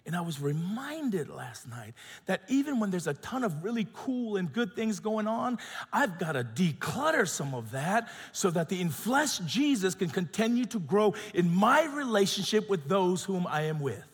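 A middle-aged man preaching a sermon, telling a personal story in an animated way, acting out quotes and going soft and quiet in tender moments. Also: high-pitched, moderate pace, breathy edge, long reverb tail. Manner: animated storytelling, acts out quotes, drops to soft tones when emotional. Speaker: pastor.

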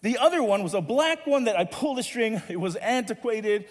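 Male pastor, Southern California, animated and playful storyteller, high-pitched, long church reverb. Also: a little fast. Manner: animated, playful, laughs at his own story. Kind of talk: sermon storytelling.

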